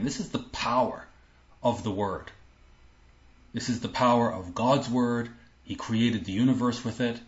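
A man's voice: medium pitch, fairly even intonation, measured pace, pauses often. A man giving a sermon, reading scripture aloud and explaining it in an earnest, emphatic way, often repeating himself. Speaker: Bible teacher. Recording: roomy, dull lo-fi recording.

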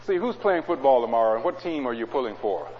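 A preacher giving a sermon in a church. He reads scripture loudly and drops to low, conversational asides. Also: lively intonation, fast talker, slight background noise. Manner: swings between loud scripture reading and low conversational asides. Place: church hall. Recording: dull, echoey hall recording.

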